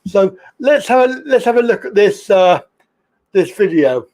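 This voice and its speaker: A high-voiced man chats on his live stream at a slow, easy pace. He jokes and laughs as he goes. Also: expressive, darkish tone. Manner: jokey, chatty, laughs often, slow drawl. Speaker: livestream host. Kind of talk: casual live-stream chat.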